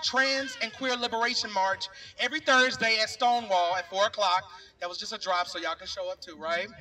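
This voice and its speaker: Addressing the crowd directly as "y'all," this middle-aged rally speaker gives an impassioned outdoor speech in a casual, earnest way. His voice is very high-pitched, bright and forceful, and it's recorded from afar.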